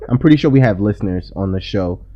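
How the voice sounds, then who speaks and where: Lively man recapping a show, lo-fi. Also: on the low side. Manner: animated, retells scenes with quick asides and self-corrections. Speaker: podcast co-host. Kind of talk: casual chat recapping a TV episode. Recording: lo-fi podcast audio.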